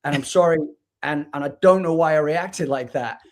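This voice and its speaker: Earnest British man, slightly high voice. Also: moderate pace. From United Kingdom. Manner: earnest and reflective, restarts words, acts out quoted voices. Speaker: guest, spoken word artist. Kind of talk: candid conversation on a livestream. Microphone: video call.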